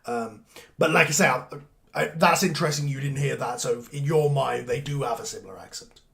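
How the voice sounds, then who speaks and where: A man's voice: mid-range voice, a little fast, vocal fry, fairly bright tone. English man hosting a casual chat. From England. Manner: thinking aloud, frequent fillers and restarts. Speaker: podcast host.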